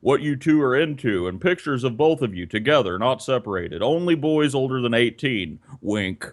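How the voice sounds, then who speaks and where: A man's voice: medium pitch, lively intonation, moderate pace. A man hosting a podcast, reading aloud with sarcastic, mocking asides. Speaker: podcast host.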